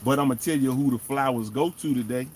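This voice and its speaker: A man hosting a fan show, giving animated, emphatic casual commentary and talking straight to the players. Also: medium pitch, fast, slight background noise. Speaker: sports fan show host.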